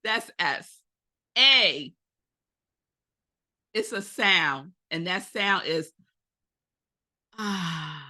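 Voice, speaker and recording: A woman in her forties with a lowish voice draws out her words and leaves long pauses. She's a minister giving a Sunday sermon at a spiritual center service, telling stories animatedly and addressing her congregation directly.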